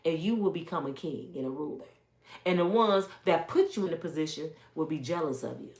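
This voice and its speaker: A woman's voice: low voice, expressive, fairly quick, darkish tone, roomy sound. A middle-aged woman giving a casual, emphatic motivational talk to viewers from her home. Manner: emphatic, storytelling, talks straight to viewers. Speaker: motivational speaker. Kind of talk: casual preaching live stream. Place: home, with kids in and out.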